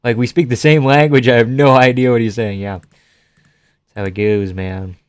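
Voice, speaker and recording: A man's voice: mid-range voice, fairly even intonation, moderate pace, clear, resonant tone, dry recording. A male streamer giving casual live fight reactions and reading chat questions aloud, offhand and chuckling, swearing now and then.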